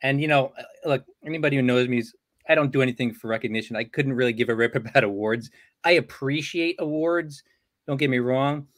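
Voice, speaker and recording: A man's voice: medium pitch, a little fast, fairly bright tone, no room sound, clean studio sound. A man co-hosting a networking livestream, chatting casually, joking and greeting viewers by name. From New York. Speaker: co-host, regional director of a networking group.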